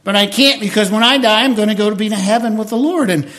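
A pastor in his fifties with a voice that sits high preaches at a quick pace. Telling a personal story with strong feeling, he alternates between loud bursts and hushed, intimate stretches.

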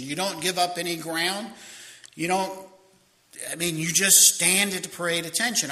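Folksy older preacher, bright voice. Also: male voice, fairly high pitch. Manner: folksy, humorous, repetitive restarts. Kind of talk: sermon with storytelling.

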